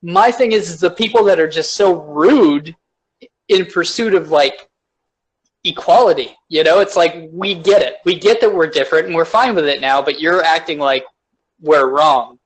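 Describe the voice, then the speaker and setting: Rambling man, slightly high voice. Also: moderate pace, poor audio. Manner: rambling, profane, laughs a lot. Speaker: podcast co-host. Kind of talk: casual chat.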